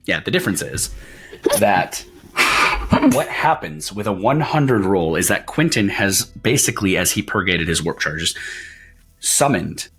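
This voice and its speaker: A man with a low voice narrates as game master for a tabletop game, painting eerie scenes and restarting his sentences as he goes. His tone is bright and forceful, with a husky edge. Faint music plays behind him. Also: unhurried. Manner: animated descriptive narration with frequent restarts.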